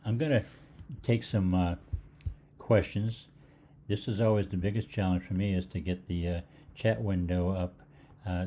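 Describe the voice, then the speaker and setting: An older man hosts a live question-and-answer stream, telling loose, meandering stories full of "uh" and restarts. His voice sits low and relaxed. A faint background hiss runs under the desk mic. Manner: rambling anecdotal, many fillers and restarts. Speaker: holistic health host. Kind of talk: live Q&A storytelling.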